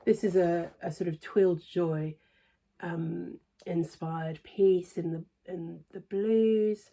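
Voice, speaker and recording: Woman, lowish voice, chatty craft review, lots of ums, soft muttered asides, faint hiss behind. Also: fairly even intonation, takes it slowly, gravelly. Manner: chatty, hesitant with many ums, softens to near-whisper asides. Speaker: cross stitch vlogger. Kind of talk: casual show-and-tell review.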